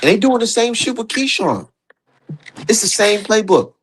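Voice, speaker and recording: A man's voice: high voice, sing-song, moderate pace, a bit bright, a little hiss or hum. A man hosting a casual boxing talk stream, emphatic and profane, voice jumping up when he gets heated. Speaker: streamer host.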